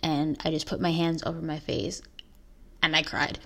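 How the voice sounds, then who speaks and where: Low-voiced woman telling a personal story. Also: level tone, creaky, pushed and bright. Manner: earnest, halting, pauses and restarts. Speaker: podcast host.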